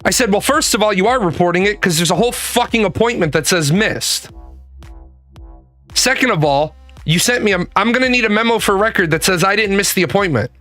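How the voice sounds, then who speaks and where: A man's voice: high-pitched, fairly quick, pushed and bright, faint music behind. A man telling a profane, exasperated story about an argument over a missed appointment, acting out both sides of the phone calls. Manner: exasperated, swears a lot, acts out phone calls. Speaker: podcast host.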